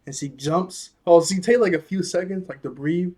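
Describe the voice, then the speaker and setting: A young man casually recapping a cartoon episode, rambling and laughing often as he acts out the characters' lines in quick voices. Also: high-pitched, mellow. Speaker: video reviewer.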